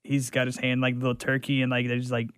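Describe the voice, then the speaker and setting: A man's voice: mid-range voice, monotone, quick pace, fairly bright tone, smooth, dry recording. A man on as a guest on a local radio show, joking and rambling with many fillers. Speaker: restaurant guest. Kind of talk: casual radio chat. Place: radio studio.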